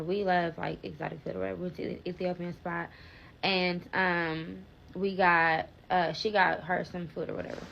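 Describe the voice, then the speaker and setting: A woman's voice: medium pitch, fairly bright tone, highs cut off. A young woman telling a rambling storytime, filler-heavy and swearing freely, with frequent restarts. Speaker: vlogger. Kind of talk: casual storytime vlog.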